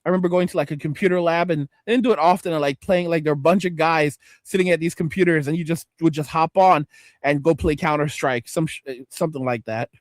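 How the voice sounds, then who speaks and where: A man streaming, reacting to videos in a loud, exasperated, profane rant. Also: fairly high pitch, fast talker, no echo. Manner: loud, exasperated, swearing constantly.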